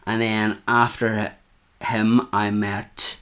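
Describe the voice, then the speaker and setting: A man co-hosting a casual chat, telling animated stories and acting out quotes. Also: fairly low pitch, very slow. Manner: animated storytelling, acts out quotes. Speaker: podcast co-host.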